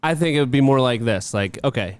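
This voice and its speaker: A man's voice: mid-range voice, lively intonation, brisk, smooth. A man co-hosting a podcast in casual chat, rambling with many fillers and restarts and a joking, sarcastic streak. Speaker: podcast co-host.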